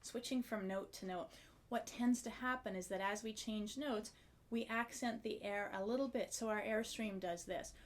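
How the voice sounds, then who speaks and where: A woman giving a clarinet lesson on video, talking the viewer through an exercise in a friendly, explanatory way. Her voice sits at an ordinary middle pitch, and she breaks off now and then to demonstrate. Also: steady tone, normal speed, slight background noise. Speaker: clarinet teacher.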